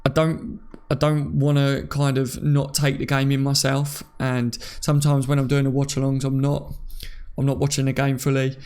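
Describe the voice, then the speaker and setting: A man's voice: medium pitch, monotone, normal speed, a little mellow, clean tone. A young English man from near London, hosting a live stream and chatting casually while he reads viewer comments, joking and laughing often. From England.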